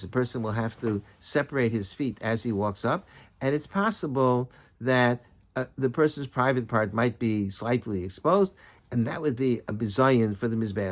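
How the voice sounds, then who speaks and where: A middle-aged man, a rabbi, telling a story in a sermon, often restarting and repeating words. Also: medium pitch.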